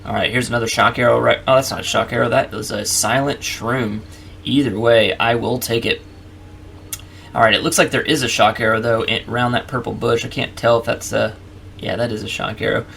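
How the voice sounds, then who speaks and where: A man hosts a let's play in easy, chatty commentary, narrating each step as he goes. His voice sits at an ordinary middle pitch with a gravelly, fried edge. A faint hiss runs under the recording. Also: fairly even intonation, brisk, fairly bright tone. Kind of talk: casual gameplay commentary.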